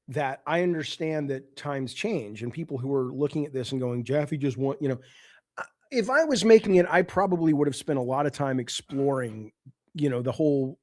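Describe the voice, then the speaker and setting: A man's voice: mid-range voice, dry recording. Podcast co-host, male, profane and heated, dry close sound. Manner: profane, ranting, animated. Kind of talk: casual chat.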